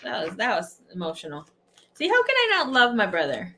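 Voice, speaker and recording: A woman hosting a casual tarot livestream, telling stories to her viewers in a chatty, animated way, laughing often and swearing freely. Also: mid-range voice, fairly quick. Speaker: tarot reader and livestream host.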